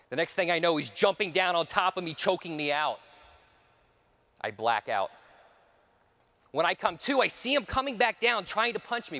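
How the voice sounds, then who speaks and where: A man giving a conference talk, telling a personal story with dramatic shifts, sometimes dropping to a hushed voice. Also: fairly high pitch, long reverb tail. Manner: dramatic storytelling, dropping to near whispers for repeated phrases. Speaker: conference speaker.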